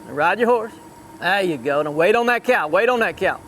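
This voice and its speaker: High-voiced man coaching a rider. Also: animated, a little fast, fairly bright tone, slight background noise. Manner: calls out short repeated commands. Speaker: cutting horse trainer. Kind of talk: live riding coaching. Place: outdoor riding arena.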